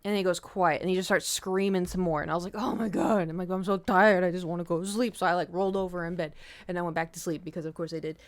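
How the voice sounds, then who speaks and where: A woman's voice: fairly low pitch, steady tone, quick pace. A woman streamer chatting casually with viewers, telling a rambling story with swearing and the odd whispered aside. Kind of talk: casual chat.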